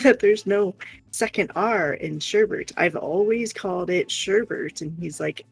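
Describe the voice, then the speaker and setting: A woman's voice: medium pitch, sing-song, a little slow, husky, no echo, faint music behind, low-quality recording. A woman with an Indiana Hoosier twang, co-hosting a casual chat and laughing often between phrases. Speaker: co-host.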